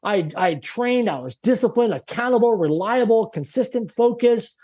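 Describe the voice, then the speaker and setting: A middle-aged man from Canada, a guest on an interview show, telling his story in an energetic motivational way with emphatic, punchy lists and acted-out dialogue. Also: very high-pitched, normal speed.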